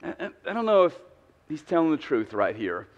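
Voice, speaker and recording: Joking pastor in a reverberant church. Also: male voice, fairly high pitch, sing-song, fairly quick, dull audio. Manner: joking, conversational storytelling. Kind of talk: humorous sermon. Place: church sanctuary.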